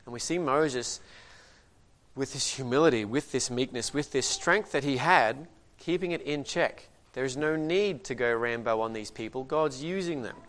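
A man's voice: mid-range voice, normal speed. Man preaching a sermon. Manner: varies loudness widely, reads King James passages aloud. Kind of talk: sermon with scripture reading.

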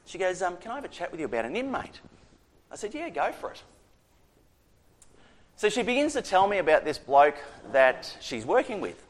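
A man's voice: high voice, brisk. Australian man telling a chaplaincy story. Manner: conversational, animated retelling with quoted dialogue. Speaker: prison chaplain. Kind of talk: storytelling testimony.

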